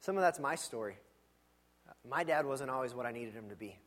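A man preaching a sermon in a church, in a conversational and animated storytelling manner with frequent asides. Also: mid-range voice, fairly quick. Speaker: pastor.

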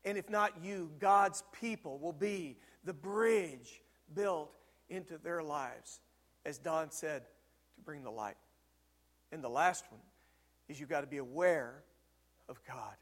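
A male pastor preaching a sermon, telling stories with emphatic swings from loud peaks to quiet, low moments. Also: slow, in a large hall. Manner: storytelling, emphatic, rises to loud peaks then drops low. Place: church sanctuary.

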